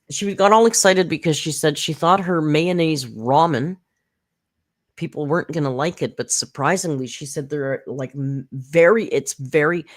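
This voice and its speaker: Snarky, animated woman commentator. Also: sits low. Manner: snarky, profane, rambling with fillers. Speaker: commentary channel host. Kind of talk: casual live reaction commentary. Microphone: close desk mic.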